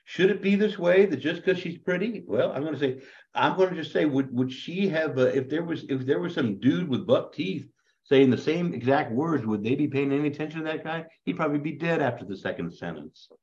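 Animated man teaching a Bible class. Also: fairly high pitch, brisk. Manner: animated, joking, self-described ham. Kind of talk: lively classroom lecture. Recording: dull lo-fi recording.

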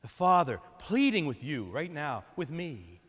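Earnest priest preaching in a reverberant church. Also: male voice, fairly high pitch, very animated, unhurried, slightly rough. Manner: earnest, urging, drops to soft intensity. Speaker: Catholic priest. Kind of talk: sermon.

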